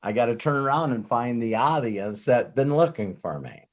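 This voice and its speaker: A man giving an off-the-cuff motivational talk as a network marketing trainer, rambling and animated, swearing freely and often breaking off and restarting his sentences. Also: mid-range voice, moderate pace. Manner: frequent restarts and self-interruptions.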